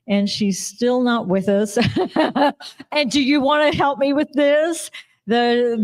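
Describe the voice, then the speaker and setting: A woman reads out award winners at a live ceremony in a slightly high voice. She is chatty and giggly, and she apologizes whenever she stumbles over a name. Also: darkish tone. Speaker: awards presenter.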